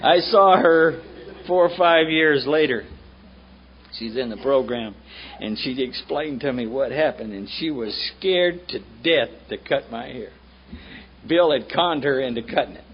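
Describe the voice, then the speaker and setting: At a recovery meeting, an American man with a Southern accent tells his story bluntly and with profanity. His mid-range voice keeps a measured pace in the meeting room, captured on muffled old tape with faint hiss.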